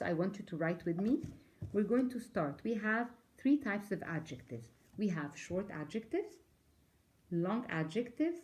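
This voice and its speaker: A woman's voice: fairly low pitch, darkish tone. A woman teaching an English grammar lesson, explaining patiently step by step, asking questions and spelling words out. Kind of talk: recorded online grammar lesson.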